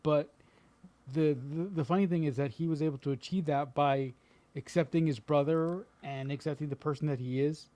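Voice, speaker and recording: A man with a fairly high voice speaks earnestly in a casual chat. He works through his thoughts with plenty of fillers and um's, and the sound is dry and close. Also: fairly even intonation, moderate pace, warm tone, dry recording. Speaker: podcast guest.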